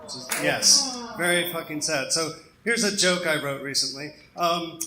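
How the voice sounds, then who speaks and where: A man's voice: fairly high pitch, expressive, normal speed, sharp tone. A young man from the American South doing a self-deprecating stand-up set on a comedy club stage, with lots of ums. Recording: echoey club room with crowd laughter.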